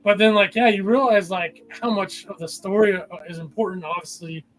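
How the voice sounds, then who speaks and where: A man's voice: sits high, fairly quick, poor audio. A young man chatting enthusiastically as a guest on a casual video-call livestream, rambling with lots of fillers.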